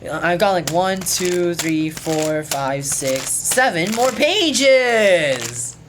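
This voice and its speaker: Brief: woman, low-set voice with lots of swing, casual jokey recap read from a journal, faint hiss behind. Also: expressive, extremely slow. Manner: chatty, jokey, swears casually, trails off mid-sentence. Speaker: classmate reading out a class quote journal.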